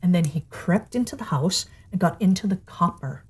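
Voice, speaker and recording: Woman storyteller, lively read-aloud fairy tale narration. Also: on the low side, normal speed, breathy edge.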